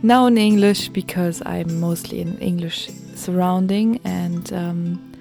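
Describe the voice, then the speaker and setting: A woman with a German accent hosting her own solo podcast, talking slowly and reflectively with many pauses and ums. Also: lowish voice, steady tone, creaky, a little mellow, soft background music. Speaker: podcast host.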